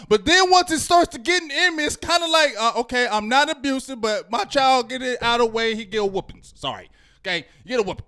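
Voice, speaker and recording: A man hosting a fan reaction show, ranting heatedly and swinging between loud outbursts and low muttering. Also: animated, fast, clean tone. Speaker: host. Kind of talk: postgame fan reaction rant.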